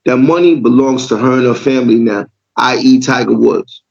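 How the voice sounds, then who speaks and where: A man's voice: mid-range voice, moderate pace, vocal fry, darkish tone, highs cut off. A man from Jamaica co-hosting a casual podcast, making his points with repeated words and frequent "right?" checks. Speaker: podcast co-host.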